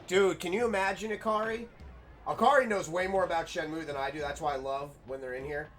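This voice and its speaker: Excitable young man streaming a game. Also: on the high side, a little fast. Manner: excitable, swears, rambling. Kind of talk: casual let's-play commentary.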